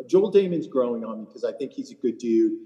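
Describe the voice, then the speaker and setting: A man's voice: medium pitch, lively intonation, quick pace, warm tone, big-room sound, highs cut off. A middle-aged man, a caddie co-hosting a podcast, telling stories in blunt, profane casual chat. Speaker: PGA Tour caddie, podcast co-host.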